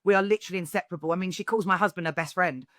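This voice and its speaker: A woman, an actress guest, talking from her home over a video call, excitable and gushing as she tells stories. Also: on the low side, very fast, no room sound, studio quality. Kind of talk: chatty interview storytelling.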